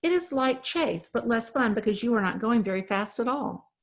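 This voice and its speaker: A woman's voice: a little high, lively intonation, moderate pace. A woman reading aloud, voicing an eager, simple-minded male stray dog who talks in short, earnest sentences.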